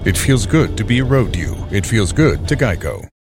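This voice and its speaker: A man narrating an insurance ad in a calm, even voice-over. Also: on the low side, normal speed. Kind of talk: scripted ad voice-over. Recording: voice-over with music behind.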